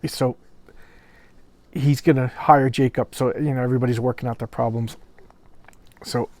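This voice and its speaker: A man reviewing a comic book in a casual video, speaking haltingly, often repeating words, and openly moved by the pages. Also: medium pitch, fairly even intonation, a little mellow.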